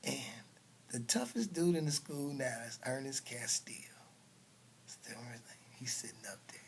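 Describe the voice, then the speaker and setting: Man telling a story in whispers and shouts. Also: medium pitch, noisy background. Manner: swings from hushed whispers to loud punch sounds. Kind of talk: personal storytelling.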